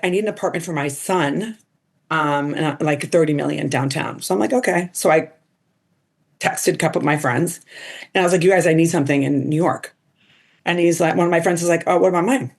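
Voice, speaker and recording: Chatty woman telling animated stories. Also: lowish voice, a little fast. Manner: animated, quotes people in put-on voices, lots of "like". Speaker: podcast guest. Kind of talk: casual storytelling interview.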